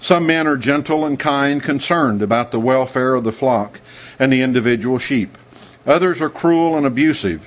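A man from the United States preaching a sermon in an emphatic way, with sudden high, excited bursts. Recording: dull lo-fi sound.

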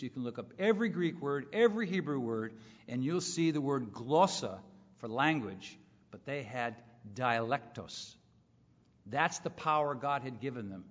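A man's voice: a little high, a bit bright. A man from California preaching a sermon to a congregation in an earnest teaching tone, with emphatic rises. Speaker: pastor. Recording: muffled hall with long reverb.

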